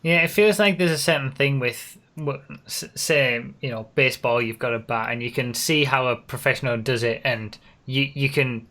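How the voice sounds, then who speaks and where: Bright-voiced British podcast host. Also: male voice, medium pitch, normal speed, hardly any pauses. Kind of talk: casual chat.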